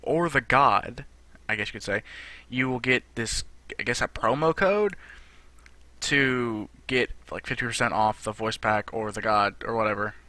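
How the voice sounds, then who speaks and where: A man's voice: medium pitch, normal speed, pushed and bright, no echo. A young man chatting casually through game patch notes, rambling with lots of fillers. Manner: rambling, filler-heavy, conversational. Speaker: gaming channel host.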